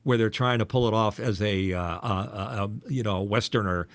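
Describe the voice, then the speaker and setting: A man co-hosting a casual podcast chat, a commercial voice actor who talks in an animated way and drops in quick impressions. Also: lowish voice, no room sound. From United States.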